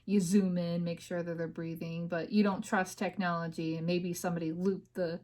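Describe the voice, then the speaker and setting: Her voice lowish and flat, at a normal speed with a slightly mellow quality, a woman hosts a podcast from home. She talks about personal matters casually, venting and rambling with lots of fillers.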